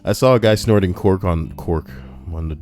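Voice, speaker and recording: A young man casually reading a list aloud on a live stream and chatting with viewers, animated and prone to ranting in put-on voices. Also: normal speed. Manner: animated, breaks into high-pitched put-on voices and rants. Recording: soft music underneath. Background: soft background music.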